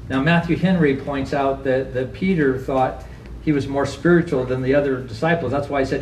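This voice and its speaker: A man's voice: fairly even intonation, normal speed, a little mellow, recorded from a distance, slight background noise. Man preaching in an echoey church. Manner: earnest preaching, rising to high emphatic questions, acts out quotes. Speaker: pastor. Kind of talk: sermon. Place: church sanctuary.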